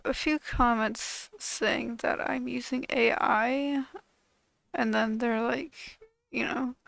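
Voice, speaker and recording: A woman's voice: fairly high pitch, gravelly, dry recording, low-quality recording. A woman channel host venting to camera in a frustrated, profane, bitter way.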